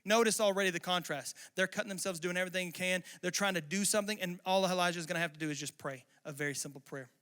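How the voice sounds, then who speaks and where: A pastor preaching a lively, conversational sermon. His voice sits high and bright, with a smooth, crisp clarity. He talks to his congregation directly and keeps the energy up. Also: rapid-fire, few pauses.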